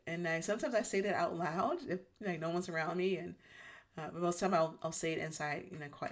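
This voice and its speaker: A woman hosting her own channel, talking in a gentle, reflective monologue about healing, with frequent restarts as she searches for words. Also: lowish voice, fast. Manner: gentle, self-reassuring, many restarts. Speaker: YouTube channel host.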